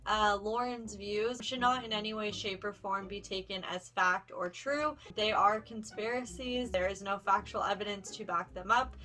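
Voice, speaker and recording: A woman's voice: mid-range voice, normal speed, pushed and bright. A young woman vlogger telling a storytime in a chatty, sarcastic way, full of "like", with faint music behind. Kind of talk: casual storytime.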